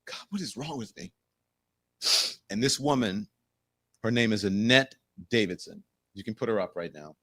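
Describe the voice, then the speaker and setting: A middle-aged man hosting his own show, telling a story in a casual, animated way, acting out quoted voices and swearing freely. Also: lowish voice, moderate pace, pauses often. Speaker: show host.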